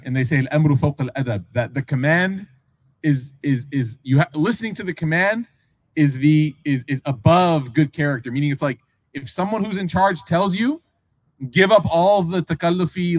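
A man's voice: a little high, expressive, normal speed, dry recording. A man preaching in a casual storytelling way, acting out dialogue and asking his listeners questions. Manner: casual, acts out dialogue, asks the audience questions. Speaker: Islamic preacher. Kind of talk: conversational storytelling sermon.

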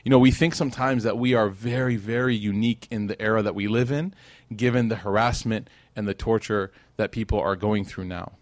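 A man's voice: lowish voice, fairly even intonation, a little fast, dry recording. A man teaching an evening religious class in a casual, conversational way, often checking in with "right?" and acting out the people in his stories.

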